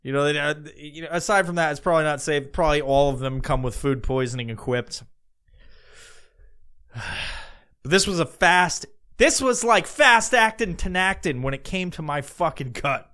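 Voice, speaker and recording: A man's voice: fairly high pitch, animated, normal speed, sharp tone. Foul-mouthed man rambling through a comic story. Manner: crude, profanity-laden, rambling. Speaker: podcast host.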